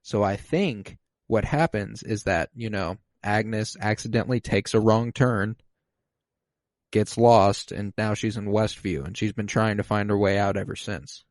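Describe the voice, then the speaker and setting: A man co-hosting a casual podcast, animatedly retelling scenes and jumping into high voices for the quotes. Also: a little slow, dry recording. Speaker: podcast co-host recapping a TV episode. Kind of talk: casual chat.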